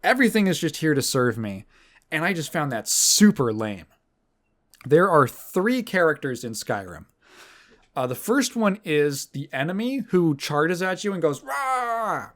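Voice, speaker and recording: A podcast host with a fairly high, sing-song voice chats casually at normal speed. He rambles sardonically, swears freely, fills his talk with fillers and restarts, and mocks people in quoted voices.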